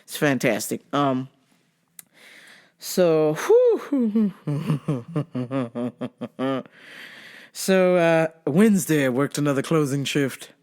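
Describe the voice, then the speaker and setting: A woman host rattling off wild work stories, swearing freely and breaking into laughter. Her voice swoops up and down lively, but she takes her time. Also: sits low, drawn-out words, long pauses. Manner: profane, laughing, animated. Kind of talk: casual comedic storytelling.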